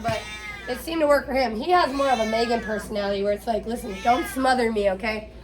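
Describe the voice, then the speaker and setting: A woman's voice: fairly high pitch, low-quality recording. A middle-aged woman chatting candidly while bathing a cat, swearing freely as she talks. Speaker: pet groomer vlogger.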